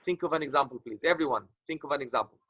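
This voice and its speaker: A man's voice: fairly high pitch, rapid-fire, bright, forceful tone, husky, dry recording, low-quality recording. Patient male teacher with a dry sound. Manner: patient, repeats points, many fillers. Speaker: English teacher. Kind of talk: online grammar lesson.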